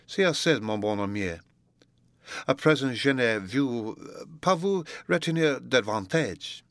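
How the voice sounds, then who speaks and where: A man reading aloud voices a placid middle-aged school directress who speaks softly and kindly. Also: mid-range voice, expressive, measured pace, no room sound. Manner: soft, placid and friendly.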